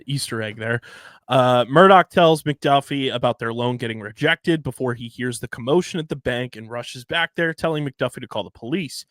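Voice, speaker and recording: A man's voice: medium pitch, fairly bright tone, no echo. A man co-hosting a podcast, casually recapping an episode's plot with joking asides. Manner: narrates plot points with jokey asides and fillers. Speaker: podcast co-host.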